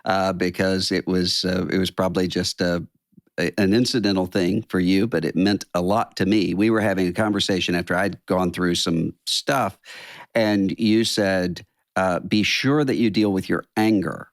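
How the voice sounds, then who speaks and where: Male podcast host, low and dry-sounding, thoughtful and earnest interviewer. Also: steady tone, normal speed, dry recording. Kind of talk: reflective interview conversation.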